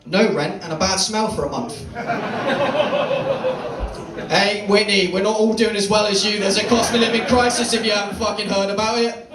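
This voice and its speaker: A young man performing a stand-up set in a comedy club, telling a swearing, deadpan story and teasing the crowd. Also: sits high, moderate pace. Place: comedy club stage, live audience. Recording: roomy club sound from a distance.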